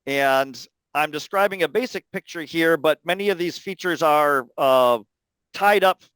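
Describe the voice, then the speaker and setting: A man delivers an academic talk, explaining ideas patiently and pausing often to find his words. His voice is smooth and a little higher than most men's, recorded close and dry with no room sound. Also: fairly bright tone, dry recording, poor audio. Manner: measured, explanatory, many "uh" pauses. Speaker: linguistics lecturer. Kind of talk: academic talk answering questions.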